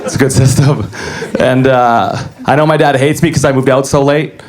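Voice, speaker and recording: A young man doing a deadpan, self-deprecating stand-up comedy set on a club stage. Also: mid-range voice, moderate pace.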